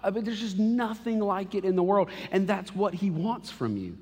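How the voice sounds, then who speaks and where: Male pastor, 30s, slightly high voice, conversational and emotional sermon delivery, live church hall reverb. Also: animated, normal speed, darkish tone, husky. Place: church auditorium.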